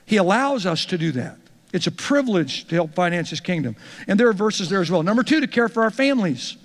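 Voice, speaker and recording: A male pastor with a high voice talks to church leaders in a loose, storytelling way, stumbling over repeated words as he starts a point. His voice rings with long reverb from a large church hall. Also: big pitch swings, a little fast. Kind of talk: teaching talk to church leaders.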